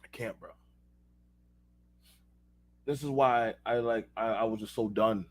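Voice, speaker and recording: Speaking a little slowly in a fairly low, steady voice, this show host delivers an unfiltered, casual rant. His stories are heated and laced with swearing, and he talks straight to his audience.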